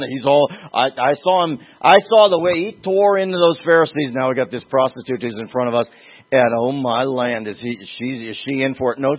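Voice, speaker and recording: A male preacher with a fairly high, husky voice delivers an emphatic sermon. He jumps up in pitch and drags out the words he wants to land. The sound is thin and tinny, like a phone line. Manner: emphatic, with sudden pitch leaps and slowed stresses.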